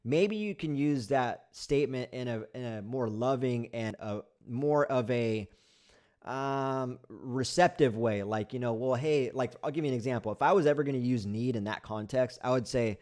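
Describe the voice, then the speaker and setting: A man's voice: mid-range voice, normal speed, a little mellow. Blunt man talking live, full of fillers. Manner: blunt, repetitive, with frequent fillers and restarts. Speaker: livestream host. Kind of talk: casual commentary reading live chat.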